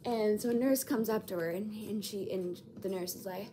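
A woman's voice: mid-range voice, normal speed, mellow, a little hiss or hum. A young woman in her twenties filming in a hospital room, animatedly telling a story with dramatic asides. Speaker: vlogger. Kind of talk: casual storytelling.

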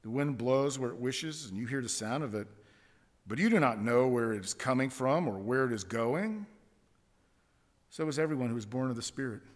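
A man's voice: mid-range voice, animated, moderate pace. A man preaching a sermon as pastor, emphatic, repeating phrases for stress. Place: church sanctuary. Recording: long church hall reverb.

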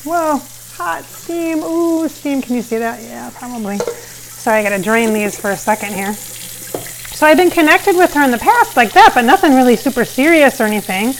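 Cooking in her home kitchen with hardwood floors, a psychic medium vlogger chats casually, rambling with lots of fillers and restarts. Her voice is on the high side and brisk, with a little hiss or hum on the recording.

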